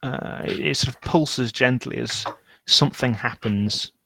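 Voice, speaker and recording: Game master, male, slow and gravelly, dry close sound, unhurried narration. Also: medium pitch, sharp tone, no echo. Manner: unhurried, searching for words.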